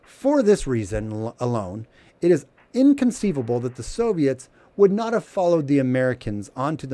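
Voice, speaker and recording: Guy reading his script out, sarcastic and punchy, warm low tone, pitch all over. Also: dry recording. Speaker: channel host. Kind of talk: reading a prepared commentary.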